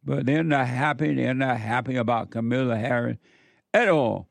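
A man's voice: mid-range voice, normal speed, gravelly. A man speaks straight to his audience in a mid-range voice, pressing his warnings again and again. His delivery is emphatic and repetitive. The recording is dry and close, with no room echo. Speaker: political commentator. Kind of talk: opinion monologue.

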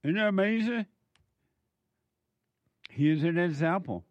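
Man preaching hard, kinda high voice, repeats himself for emphasis, dry close sound. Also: animated, no room sound, highs cut off. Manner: emphatic, repetitive, slows down to stress points. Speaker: speaker preaching about the devil. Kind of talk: impassioned spiritual monologue.

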